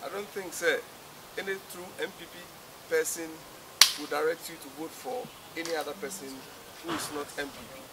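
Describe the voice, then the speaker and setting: A man's voice: fairly high pitch, moderate pace, very noisy. A man with a Ghanaian accent giving a rallying speech at a party event, urging the listeners in call-and-response.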